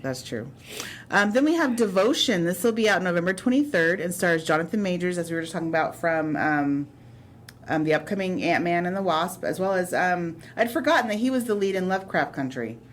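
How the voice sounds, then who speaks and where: A woman's voice: lowish voice, expressive, brisk, slight background noise. A woman co-hosting a movie podcast in casual chat, rambling with fillers and frequent laughs. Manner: chatty, laughs often, filler-heavy. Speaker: podcast co-host.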